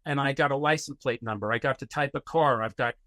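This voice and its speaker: A man's voice: medium pitch, fast, pushed and bright, no room sound. A man guest on a podcast, telling personal stories in a rambling way with many fillers and restarts. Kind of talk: casual interview storytelling.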